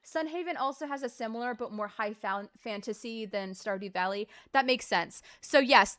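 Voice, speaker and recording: A woman with a fairly high, smooth voice gives casual live commentary on a cozy farming game. She is chatty and upbeat and keeps talking to her chat. The sound is dry and close to the mic. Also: fairly bright tone, no room sound. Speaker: streamer playing a farming game.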